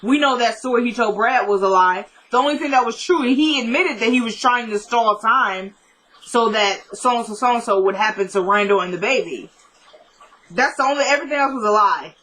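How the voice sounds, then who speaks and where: A woman's voice: on the high side, normal speed, a bit bright, poor audio. A woman casually recapping a TV episode, acting out the characters' lines and adding blunt asides. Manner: chatty retelling that acts out the characters' dialogue; blunt asides with mild swearing.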